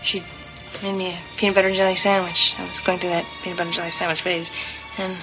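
An actress playing a young woman earnestly telling a childhood story in halting film dialogue, with music behind. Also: on the low side, level tone, natural voice, rough recording.

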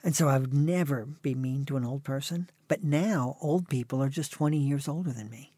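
A man's voice: a little high, normal speed, warm tone, slightly rough, dry recording. A man in his sixties telling stories as an interview guest in a dry, wry way. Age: 60s. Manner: dry, wry anecdotal delivery. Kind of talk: conversational storytelling.

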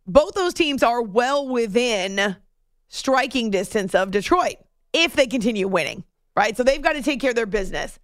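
A woman hosts a sports talk show with a somewhat high voice. She is chatty and playful, tossing off joking asides. The sound is dry and close. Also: animated, moderate pace, no room sound.

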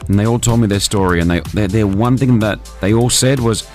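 A man's voice: fairly low pitch, fairly quick, darkish tone. Male radio host, studio mic, loose jokey banter that can turn sincere, faint music bed. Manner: joking, then earnest and pleading. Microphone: studio microphone with headphones.

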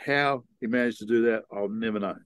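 A man's voice: fairly low pitch, a little fast, clean tone, no echo. Laid-back man telling stories. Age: older. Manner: laid-back rambling storyteller. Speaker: guest. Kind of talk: casual storytelling interview.

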